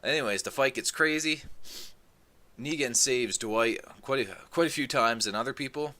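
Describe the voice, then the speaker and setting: A man casually recapping a comic book volume, rambling and filling gaps with "um" as he gets excited about the story. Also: medium pitch, moderate pace. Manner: rambling, many "um"s, excitable retelling. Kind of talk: casual plot recap review.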